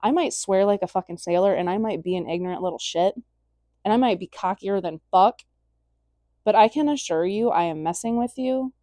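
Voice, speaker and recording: A woman's voice: medium pitch, brisk, warm tone, dry recording, clean studio sound. A young woman vlogger delivering a blunt, emphatic casual rant, full of swearing.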